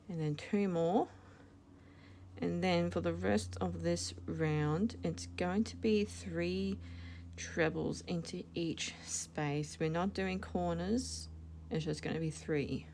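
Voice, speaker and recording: A woman's voice: on the low side, takes it slowly, a little mellow, a little hiss or hum. A woman talking through a crochet tutorial step by step, chatty and correcting herself as she goes. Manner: chatty, self-correcting, laughs at her slips. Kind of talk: casual step-by-step demonstration.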